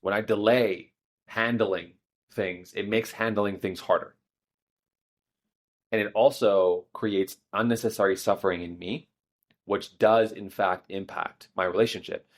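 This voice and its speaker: A man with a low, deep voice speaks candidly and reflectively, telling a personal story as a relationship coach. His solo podcast monologue is unscripted and self-deprecating. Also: steady tone, a little slow.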